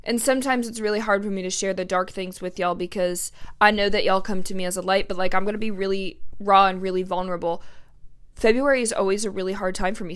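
A woman in her twenties hosting her own podcast, talking candidly and emotionally with lots of "like" and fillers. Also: medium pitch. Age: 20s. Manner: chatty, emotional, heavy use of "like". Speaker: podcast host. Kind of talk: candid solo podcast monologue.

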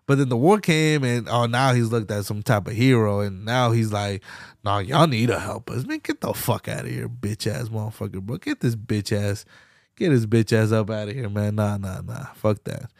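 Podcast guy going off, cussing nonstop, loud then mumbly, dry close mic. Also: normal speed, dry recording. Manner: profane, heated, slangy ranting; swings between loud outbursts and low mutters. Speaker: podcast host. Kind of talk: casual political rant.

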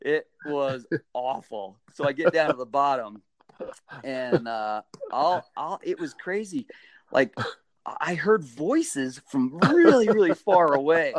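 Middle-aged man, fairly high voice, dry close sound, animated storytelling, high bursts when quoting. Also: a little slow, no echo. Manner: animated, acts out quotes with sudden high-pitched bursts. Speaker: guest, stadium mascot performer. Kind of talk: casual storytelling.

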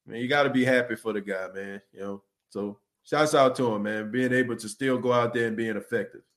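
On his laid-back sports podcast, this mid-pitched man speaks fairly quickly in a conversational, repetitive style peppered with "you know" and "man." He breaks off at times to read listeners' comments aloud and answer them.

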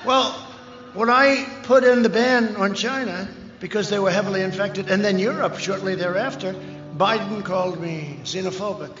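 A high, rambling man at a rally. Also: normal speed, faint music behind. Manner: rambling, repetitive, with mocking asides and shouted lines. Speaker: political candidate speaking at a rally. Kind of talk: off-the-cuff rally speech. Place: large rally venue. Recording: echoey, lo-fi rally sound with long reverb.

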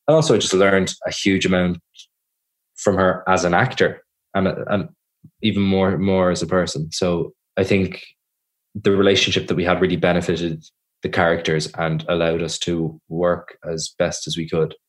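Deep-voiced Irish man, thoughtful and measured. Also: little pitch movement. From Ireland. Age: young adult. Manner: thoughtful, measured, self-correcting. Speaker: actor guest. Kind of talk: podcast interview.

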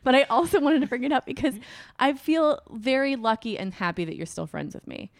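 Animated woman telling a story. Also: high-pitched, brisk, no room sound. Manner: animated storyteller, swearing, laughing often. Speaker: comedian guest. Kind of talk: casual podcast chat.

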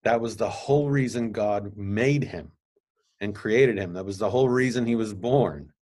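A man hosting a podcast, reading scripture aloud and explaining it in a casual, halting way with asides. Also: lowish voice, a little mellow. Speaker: podcast host. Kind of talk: casual Bible teaching.

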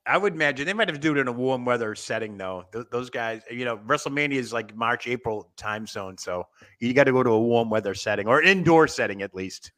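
A man's voice: mid-range voice, lively intonation, fast, few pauses, fairly bright tone. A man hosting a casual online wrestling chat, rambling and laughing, trailing off with fillers as he thinks aloud. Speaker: podcast host.

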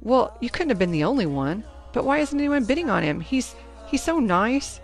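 A woman's voice: a little high, big pitch swings, moderate pace, faint music behind, voice pushed up. A woman reader voicing a sassy, teasing teenage girl who is the narrator's best friend. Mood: puzzled. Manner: teasing, breezy. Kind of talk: audiobook character voice.

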